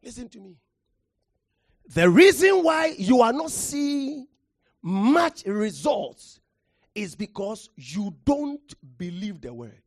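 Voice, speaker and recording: A preacher giving a sermon, shouting key phrases, then dropping to near quiet and calling on listeners to respond. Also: medium pitch, very animated, slow pace, dry recording, clean studio sound. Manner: impassioned, shouting for emphasis with sudden drops to quiet; calls for audience response.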